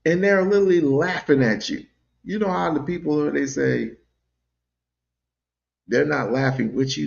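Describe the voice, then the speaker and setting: A man's voice: a little high, gravelly, dull audio. A man co-hosting a livestream call-in, lecturing emphatically. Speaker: livestream co-host. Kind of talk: call-in commentary.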